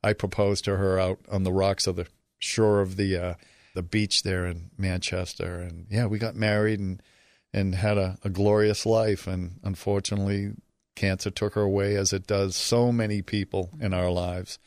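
A man telling a long personal story in an interview, lively and acting out other people's voices, turning quieter at the sad parts. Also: sits low, normal speed, no echo. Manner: animated, acts out the voices of people he quotes. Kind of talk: conversational storytelling.

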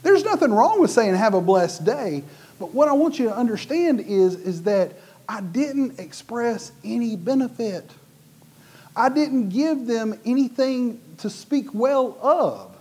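A middle-aged American pastor preaches a sermon in a conversational way, animatedly acting out the voices of people in his stories. His voice is very high-pitched, slightly rough, and a little slow.

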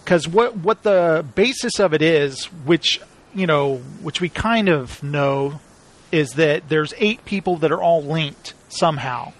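A man's voice: fairly high pitch, a little slow. A man in casual chat, talking at length and acting out quoted lines. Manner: rambling, animated, acts out quoted lines. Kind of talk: casual chat about TV shows.

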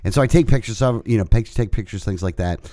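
A man's voice: on the low side, quick pace, warm tone, no echo, studio quality. A man co-hosting a podcast, telling a casual story in a rambling, profane way with lots of restarts. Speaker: podcast co-host.

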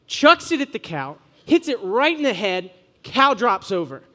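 A young man gives a relaxed, joking sermon to students. His voice sits fairly high, and he tells stories in an animated, offhand way. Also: a little slow. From Ohio, USA. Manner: casual, joking, animated storyteller. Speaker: preacher to students. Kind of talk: sermon with humorous storytelling.

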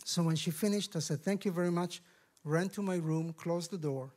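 A middle-aged Israeli man, a guest speaker sharing his testimony in a sermon, telling the story with lively acted-out dialogue. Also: fairly high pitch, normal speed. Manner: animated storyteller, acts out dialogue with raised voices. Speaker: guest speaker, ministry director.

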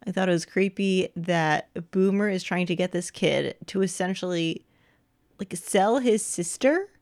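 A woman's voice: lowish voice, unhurried, darkish tone. A woman co-hosting a casual podcast chat about a movie, wry and skeptical with dry quips. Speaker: podcast co-host.

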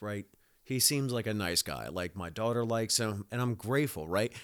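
A man's voice: mid-range voice, fairly bright tone. A man, hosting a casual podcast monologue, rambling and profane with many fillers. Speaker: podcast host.

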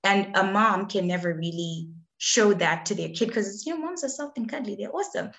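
A woman's voice: medium pitch, animated, fairly quick, creaky, a bit bright. Earnest woman telling a personal story. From Zimbabwe. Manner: earnest and emphatic, often acting out what others said to her. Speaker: guest sharing a personal story. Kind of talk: candid conversational storytelling.

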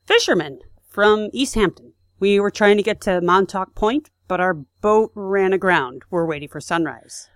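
A woman's voice: medium pitch, normal speed, no echo, studio quality, close to an everyday voice. A woman reading the lines of a male German saboteur in her own voice, without an accent. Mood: evasive. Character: male German saboteur, composed, menacing, persuasive.

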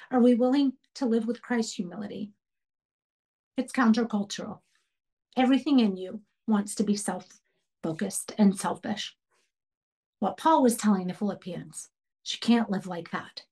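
A woman's voice: on the high side, moderate pace, long pauses, mellow. A middle-aged woman teaching a women's Bible study, earnest and preaching with repeated questions. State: tearful while telling a story.

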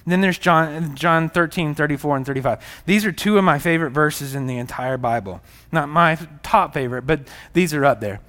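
A man's voice: on the high side, fairly quick, few pauses, a bit bright. A man, a pastor, preaching a sermon emphatically and repeating key phrases for weight.

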